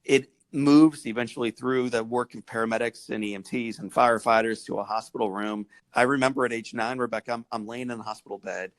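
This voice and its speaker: A man in his forties from Missouri, telling his life story as a podcast guest with animated, preacherly swings in pitch. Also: brisk, hardly any pauses, dry recording. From Missouri, USA.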